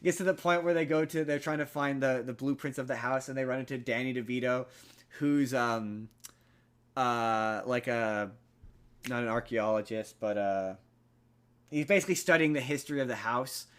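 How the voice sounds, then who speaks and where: A podcast host casually retells a film plot, rambling and leaning heavily on fillers. His medium-pitched voice is smooth and fairly even, at a moderate pace.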